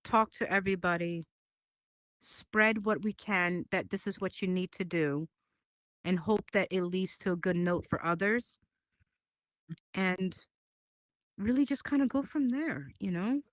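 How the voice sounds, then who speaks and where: A woman giving an emotional personal statement as a talk show guest, halting and earnest, often repeating her words. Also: medium pitch, no echo.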